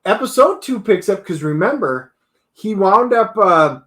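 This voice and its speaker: A man co-hosting a casual TV episode review, retelling scenes with animated quoted lines. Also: high voice, unhurried. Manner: animated storytelling, acts out character quotes. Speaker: show co-host.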